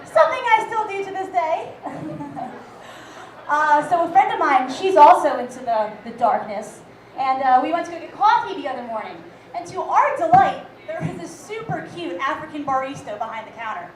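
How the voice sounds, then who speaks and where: Young woman comic, raunchy and self-mocking, high lively voice, echoey club mic far off. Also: moderate pace. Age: young adult. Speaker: stand-up comic. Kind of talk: stand-up set. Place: comedy club stage.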